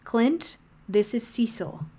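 A woman voicing an unflappable male government agent who talks in a dry, deadpan, understated way. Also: fairly high pitch, takes it slowly, husky, exaggerated voice.

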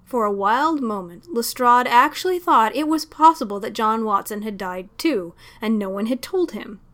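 A woman narrating a story aloud in a steady, expressive storytelling manner. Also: a little high, moderate pace. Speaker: reader. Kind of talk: audiobook fan fiction reading.

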